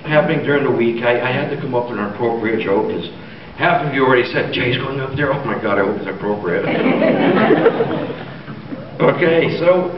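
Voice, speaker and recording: A man doing a stand-up comedy set in a church hall, telling a story and acting out the dialogue in high voices. The audience laughs. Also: big pitch swings, normal speed. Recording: distant, muffled, noisy recording in a roomy hall.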